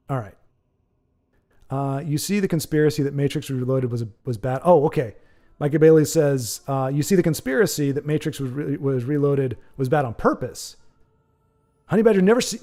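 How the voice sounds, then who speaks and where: A man hosting a casual livestream, reading viewer comments aloud and rambling off on animated tangents with lots of restarts. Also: fairly high pitch. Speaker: livestream host.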